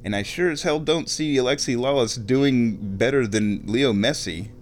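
A man at home, ranting and giving casual opinionated commentary on a football match, often clearing his throat. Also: mid-range voice, moderate pace, slight background noise. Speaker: fan watching a football match.

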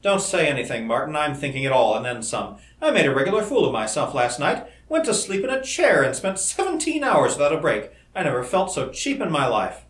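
Eager young male inventor, man reading the part, animated delivery, echoey room. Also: on the high side. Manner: eager, rapid enthusiasm. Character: bright, excitable young male scientist. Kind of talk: audiobook character reading. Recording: roomy echo.

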